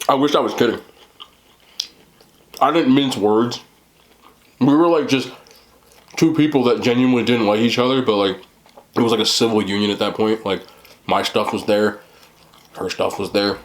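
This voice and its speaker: A man hosting a mukbang, chatting casually to the camera between bites. His voice sits at a middle pitch but swings widely, jumping up when he exclaims. He speaks in an animated way, with loud bursts. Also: moderate pace, long pauses. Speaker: mukbang host. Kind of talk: casual chat while eating on camera.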